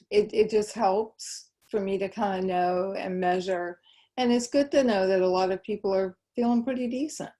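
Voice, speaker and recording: A middle-aged woman giving a gentle, conversational presentation on a video call. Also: mid-range voice. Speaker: guest speaker. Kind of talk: online presentation.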